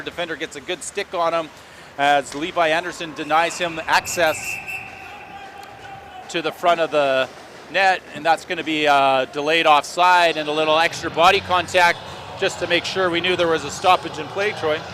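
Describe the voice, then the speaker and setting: A man calling hockey play-by-play in a rapid running stream, with dry joking asides between plays. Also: on the high side, steady tone, sharp tone, a little hiss or hum. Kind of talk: play-by-play sports commentary.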